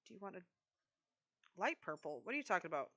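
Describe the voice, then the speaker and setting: A woman's voice: fairly low pitch, sing-song, quick pace, bright, forceful tone, lo-fi sound. A woman live streaming a video game, chatting casually with her viewers while she decorates.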